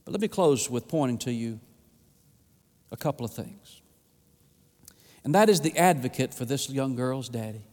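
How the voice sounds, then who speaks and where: A man preaching a sermon, swinging from emphatic bursts down to a low hush. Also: lively intonation, moderate pace, pauses often. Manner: dynamic preaching with sudden drops to a low hush. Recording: echoey with long reverb.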